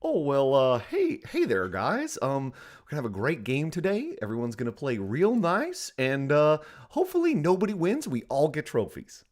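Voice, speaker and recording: A man's voice: fairly high pitch, wildly swooping pitch, normal speed, darkish tone. A man voicing a folksy, easygoing middle-aged sports coach who gives a drawling pep talk.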